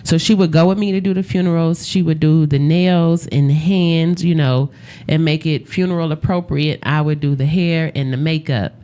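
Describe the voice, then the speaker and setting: A woman with a low voice tells stories on a radio talk show. She is animated and acts out the lines of the people in them, laughing along as she goes. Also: normal speed. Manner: animated storyteller, acts out quotes, laughs often. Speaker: makeup artist for funerals.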